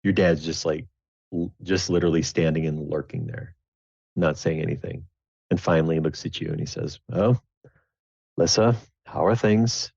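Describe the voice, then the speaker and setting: Male game master, deep, halting narration; dull, dry recording. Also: flat delivery, gravelly, darkish tone, no echo. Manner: rambling, halting, many fillers.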